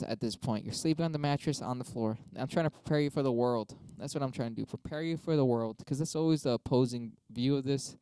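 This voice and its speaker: A man's voice: mid-range voice, quick pace, few pauses, dark tone, clean tone, no room sound. A young man talking casually on a stream, arguing both sides of debate prompts with himself in a rambling, profane way. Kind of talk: casual solo monologue.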